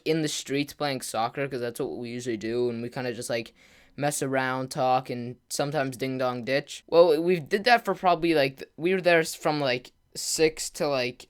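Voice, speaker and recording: A man's voice: fairly high pitch, clean tone. A man telling a casual storytime to his camera as a gaming vlogger, rambling with lots of "like" and "kinda" fillers. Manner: acts out friends' lines in quick quotes.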